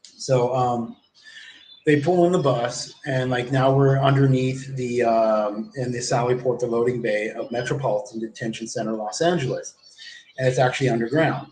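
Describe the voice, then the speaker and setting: A man in his forties tells a long, rambling first-person story on a livestream, swearing often and acting out what other people said in quotes. His voice is mid-range and a little mellow, at a normal speed. The room is echoey, with faint background noise.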